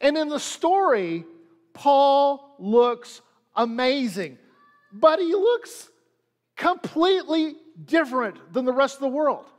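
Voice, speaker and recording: A man's voice: extremely high pitch, animated, slow pace, big-room sound. A man preaching a sermon as pastor, repeating lines and leaning hard on them for emphasis. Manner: preaching with dramatic emphasis and repetition.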